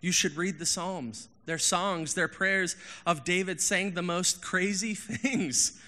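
A pastor in his thirties delivers a casual sermon in a high voice at a slow pace, with big-room sound. He's candid and animated, swinging from loud emphasis to hushed asides.

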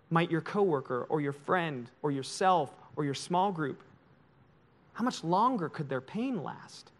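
High voiced pastor guy preaching, gets real personal, loud then real quiet. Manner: emotional and confessional, swinging loud to hushed. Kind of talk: sermon.

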